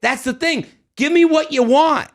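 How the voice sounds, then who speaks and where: A man in his thirties co-hosting a podcast, telling stories in animated casual chat and swearing freely. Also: extremely high pitch, normal speed. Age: 30s. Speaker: podcast co-host.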